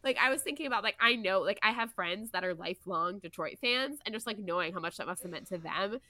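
A young woman, co-hosting a casual podcast chat, animated and full of "like" and "you know". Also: mid-range voice, fast talker. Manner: chatty and animated, many "like" and "you know" fillers. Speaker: podcast co-host.

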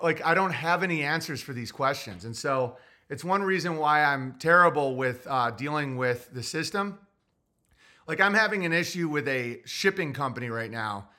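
A man hosting a livestream, reading viewer super chats and rambling casually, booming theatrically as he acts out his own replies. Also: sharp tone.

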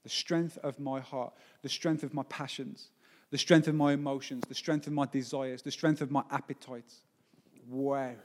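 A man's voice: mid-range voice, steady tone, moderate pace, long reverb tail. A forty-year-old man preaching a sermon as pastor. He speaks with emphasis and often puts rhetorical questions to the congregation. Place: church service.

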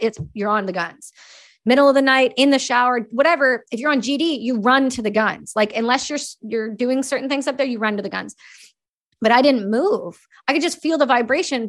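A woman from Canada in her thirties, a podcast guest telling stories candidly and casually, swearing freely and talking quickly. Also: fairly high pitch, a bit bright. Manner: candid, profane, quick-talking, voices quoted people. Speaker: podcast guest, army veteran. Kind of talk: casual storytelling.

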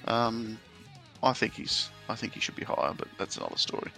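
Man, bright voice, relaxed podcast co-host. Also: medium pitch, brisk, creaky, breathy edge, faint music behind. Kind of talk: casual podcast chat.

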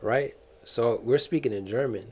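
A man on a podcast, casually telling a story in a slangy, animated way and laughing often. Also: mid-range voice, normal speed, noisy background. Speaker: podcast cast member.

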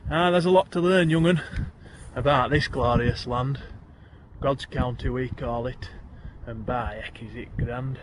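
A man's voice: medium pitch, unhurried, slight background noise. A man with a Yorkshire accent reciting his own rhyming poems in broad dialect, with a lilting rhythm. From Yorkshire, England. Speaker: guest poet.

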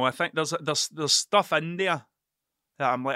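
A man's voice: fairly high pitch, a little slow, sharp tone, clean tone, dry recording, clean studio sound. A man hosting a podcast, telling rambling stories in casual chat, swearing constantly and restarting his sentences as he digresses. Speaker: podcast host.

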